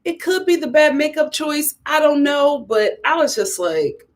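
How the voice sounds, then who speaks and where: A woman's voice: high-pitched, animated, a little slow. A young woman giving a casual, sassy recap of a reality TV episode, often talking straight to the people on screen. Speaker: reality TV reviewer.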